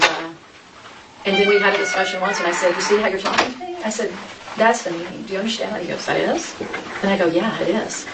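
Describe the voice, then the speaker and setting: A woman telling her personal story in an interview, rambling, with many restarts and quoted conversations. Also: lowish voice. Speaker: interview guest. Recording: echoey room, from a distance, faint noise.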